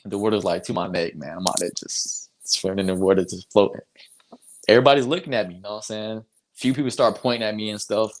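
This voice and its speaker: Young male guest, lowish voice, animated storyteller who laughs and acts out quotes. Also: fast, slight background noise. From North Carolina. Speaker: basketball player guest. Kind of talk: casual storytelling.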